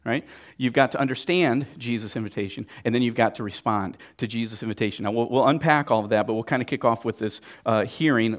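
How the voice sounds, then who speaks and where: A man preaching a sermon in a casual, conversational way, often checking in with the listeners by asking "right?". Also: medium pitch. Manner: lively, animated delivery. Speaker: pastor.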